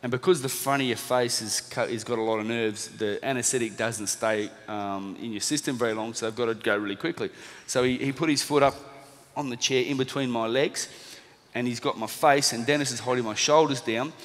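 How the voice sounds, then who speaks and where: A former boxer now working as a motivational speaker, this Australian man in his thirties talks fairly quickly in a mid-range voice. He recounts a lively anecdote to a live audience, acting out the quoted lines and laughing at himself, in a reverberant hall.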